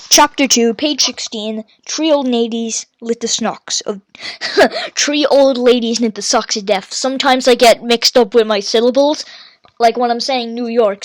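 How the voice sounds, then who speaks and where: Chatty woman podcaster. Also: a little high. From Ireland. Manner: chatty, many fillers, corrects her own slips. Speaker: podcast host. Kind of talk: casual book review with reading aloud.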